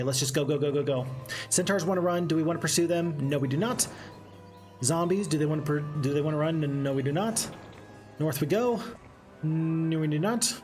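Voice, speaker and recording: A man with a somewhat high voice gives animated, casual commentary on his game, thinking out loud and answering chat as he plays. Soft game music sits quietly behind him. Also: brisk. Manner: chatty, animated, reads chat aloud. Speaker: gaming streamer. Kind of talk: casual let's-play commentary.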